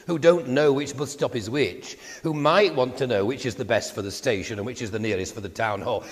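An older man with a Yorkshire accent telling wry anecdotes in a relaxed Christian talk. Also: medium pitch, moderate pace. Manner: wry, storytelling. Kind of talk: anecdotal monologue. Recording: echoey room with long reverb.

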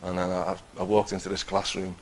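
Gravelly-voiced man giving testimony. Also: low voice, completely flat delivery, darkish tone, a little hiss or hum, poor audio. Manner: earnest, halting storytelling with many restarts. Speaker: Christian teacher giving testimony. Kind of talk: personal testimony.

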